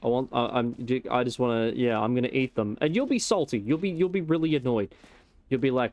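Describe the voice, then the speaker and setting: A man's voice: medium pitch, a little fast, a little mellow, no echo. A young man casually rambling and joking while he streams a game, with some swearing. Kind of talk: casual gameplay commentary.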